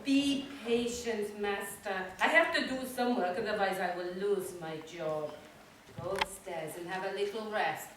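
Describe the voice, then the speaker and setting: A woman's voice: medium pitch, measured pace, far from the mic, natural voice. Woman as a cool, formal scheming maid, echoey hall heard from afar, some noise. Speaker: stage actor in an amateur play. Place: theatre stage.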